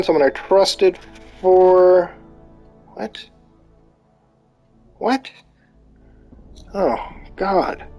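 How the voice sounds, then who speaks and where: A man streaming live, reading posts aloud and reacting with disbelief and swearing. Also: a little high. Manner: incredulous, swearing, reacting out loud.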